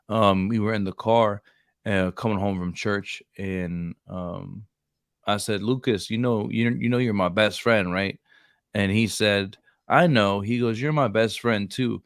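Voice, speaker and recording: A man's voice: fairly low pitch, no room sound. A man in his thirties co-hosting a casual chat, telling stories loosely with lots of "like" and "bro". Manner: storytelling, says "like" and "bro" a lot. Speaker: podcast co-host.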